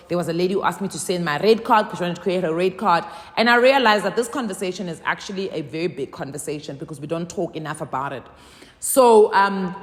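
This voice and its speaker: A South African woman with a fairly low-pitched voice speaks to camera in a large hall as a content creator. In casual vlog talk, she tells stories with lively swings and acts out both sides of phone calls.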